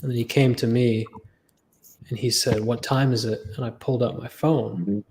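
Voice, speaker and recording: A man's voice: mid-range voice, steady tone, moderate pace, a little mellow, a little hiss or hum. A man hosting a casual watch chat, swearing freely and acting out the voices in his stories. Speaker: podcast host.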